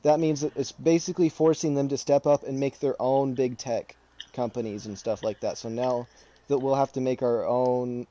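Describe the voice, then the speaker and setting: A man's voice: medium pitch, fairly even intonation, moderate pace, mellow, a little hiss or hum. A man chatting casually with a friend, rambling and restarting his sentences often. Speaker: channel host. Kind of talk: casual chat while gaming.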